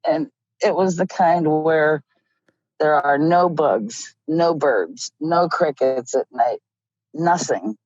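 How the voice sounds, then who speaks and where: A middle-aged woman telling a story in a casual, animated way, often laughing as she goes. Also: low-pitched, slow, no echo. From Ohio. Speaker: guest. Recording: dull lo-fi audio.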